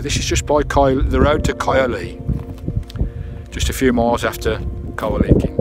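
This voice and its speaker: A man's voice: medium pitch, moderate pace, over loud music. A British man vlogging casually from inside his camper van, chatting and swearing lightly. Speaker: vanlife vlogger. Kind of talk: casual vlog chat.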